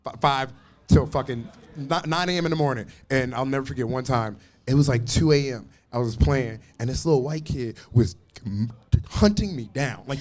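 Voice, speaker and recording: A man with a slightly raised voice co-hosts a live comedy podcast on a festival stage. He tells stories in an animated way and jumps into loud, high-pitched voices whenever he quotes someone. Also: fast talker. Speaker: podcast co-host.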